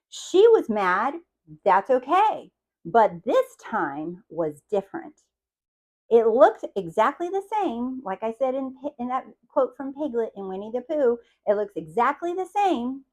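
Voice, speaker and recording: A woman's voice: big pitch swings, a little slow. A woman coach giving a motivational talk to her viewers. She keeps checking in with "do you see?" and acts out the stories she tells. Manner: acts out quotes with big swings in pitch and loudness. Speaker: manifestation coach.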